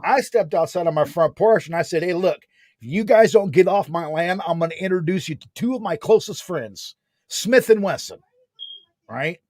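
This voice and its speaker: A man in his forties telling a story in a casual chat, animated and slangy, peppering his talk with filler words. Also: sits high, moderate pace, no echo. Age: 40s.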